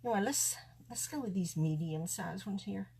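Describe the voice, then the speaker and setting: A woman's voice: medium pitch, lively intonation, normal speed, vocal fry, warm tone, husky. A woman chatting folksily to viewers as she demonstrates card making live from her craft table. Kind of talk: live-stream craft demo.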